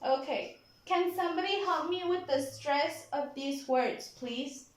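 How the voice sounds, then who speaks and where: A woman teaching a vocabulary lesson in a classroom. She models each word slowly and keeps checking in with "okay?". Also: high voice. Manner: slow, deliberate modeling of pronunciation, frequent "okay?" checks. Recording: very echoey classroom.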